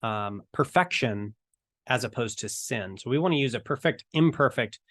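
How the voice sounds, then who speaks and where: A man's voice: mid-range voice, normal speed, no room sound, studio quality. Chatty man teaching evangelism. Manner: storytelling, chatty, animated retelling. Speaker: evangelism trainer. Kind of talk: casual teaching talk to camera.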